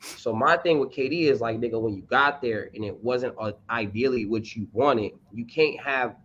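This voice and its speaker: A man's voice: mid-range voice, normal speed, fairly bright tone, dull audio. Blunt slangy man arguing sports. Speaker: podcast co-host. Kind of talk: casual sports chat.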